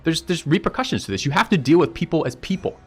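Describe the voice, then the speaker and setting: A man's voice: fairly high pitch, very animated, fast talker, husky, faint music behind. A man streaming and telling a story in casual chat with viewers, blunt and profane as he rants about a road dispute.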